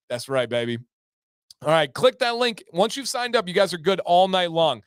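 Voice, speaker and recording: An upbeat man hosts a casual livestream from home, reading out viewer comments and breaking into loud whoops. His voice sits high and comes across smooth and clean. The sound is close and dry, with no room around it. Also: animated, normal speed, no room sound. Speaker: livestream host.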